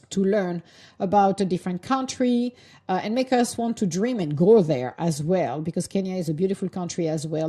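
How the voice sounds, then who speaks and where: Woman, talk show host, rambling and chatty, laughs a lot, mellow warm tone. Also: lowish voice. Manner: rambling, chatty, laughs often, loose grammar. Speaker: host of a live audio talk room. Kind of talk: casual chat.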